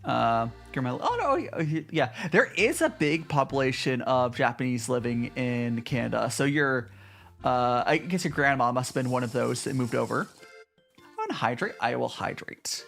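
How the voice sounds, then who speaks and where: A VTuber streams casually from his home in Japan, chatting with viewers and answering their messages, with soft music in the background. His mid-range voice is animated, creaky, and a bit bright, and he talks at a moderate pace. He's chatty and restarts his sentences often.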